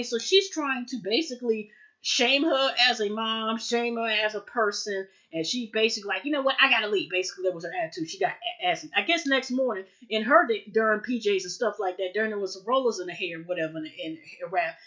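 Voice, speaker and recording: Over dull lo-fi audio, a chatty female TV show reviewer talks through an episode at a fairly quick clip. She leans heavily on fillers such as "like" and "you know," and her voice rises in pitch and volume whenever she quotes a character.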